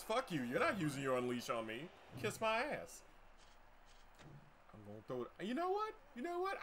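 A man's voice: sits high, pushed and bright, a little hiss or hum. A man streaming live gameplay, trash-talking the game in a boastful, profane way.

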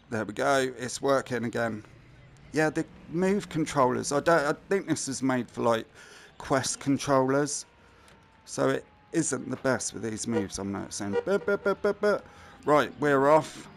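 A man's voice: mid-range voice, creaky, background noise. A man giving casual, chatty gameplay commentary; he swears freely and often mutters to himself. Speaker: gaming commentator.

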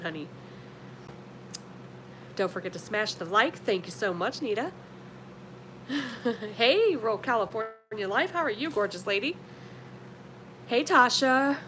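Lady chatting on her live stream, calls everyone honey, noisy hum and rumble behind her. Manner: chatty, affectionate, calls viewers honey and sweetie. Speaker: live-stream beauty vlogger. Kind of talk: casual live-stream chat greeting viewers.

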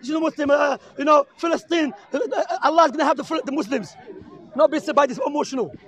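A man's voice: very high-pitched, fast, fairly bright tone. A man with an Arabic accent, preaching heatedly and insistently to a crowd outdoors in a public park, repeating his points. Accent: Arabic-accented English. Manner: impassioned, insistent, repeats himself. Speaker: street preacher debating a crowd. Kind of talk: heated street debate.

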